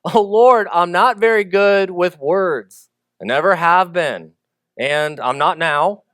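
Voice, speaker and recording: A man's voice: high-pitched, takes it slowly, a bit bright, dry recording, clean studio sound. A man doing a pleading, insecure Moses. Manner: pleading, self-doubting.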